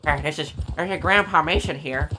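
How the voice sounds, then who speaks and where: A man's voice: fairly high pitch, brisk, background noise, voice pushed up, close to an everyday voice. A man voicing a rambling elderly grandpa, as he does on prank calls, with game sounds behind. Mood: boastful. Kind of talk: prank-call impression on a live stream.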